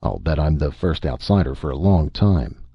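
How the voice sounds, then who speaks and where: A man doing a halting, cagey stranger. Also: rumbling low, animated, gravelly, breathy edge, no echo, dull audio, exaggerated voice. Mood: careful. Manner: careful, halting, stammering. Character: cautious mysterious stranger, a man.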